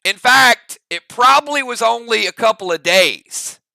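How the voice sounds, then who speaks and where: High, gravelly-voiced man chatting on stream. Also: lively intonation, unhurried, sharp tone, no echo. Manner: rambling, thinks aloud with restarts, talks straight to chat. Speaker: live-stream host reacting to a TV episode. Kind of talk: live-stream reaction chat.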